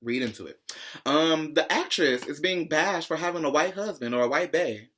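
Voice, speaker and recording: A man hosting a pop-culture commentary vlog, talking in a sassy, profane, opinionated way and jumping higher in pitch when excited. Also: moderate pace. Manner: profane, sassy, calls viewers "child"; opinionated ranting, swings high when excited. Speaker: vlog host.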